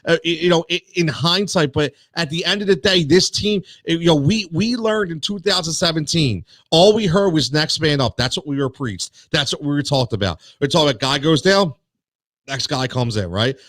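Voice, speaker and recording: A man's voice: a little high, lively intonation, moderate pace, a bit bright, no echo. Worked-up man ranting about football. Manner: worked up, repeats words, many restarts. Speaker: sports talk show host. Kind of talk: heated sports talk rant.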